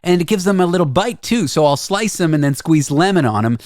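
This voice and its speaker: A man's voice: fairly high pitch, lively intonation, a little fast, darkish tone, no echo, clean studio sound. A Canadian man hosting a radio show, chatting casually and explaining at length with small hesitations. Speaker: radio host.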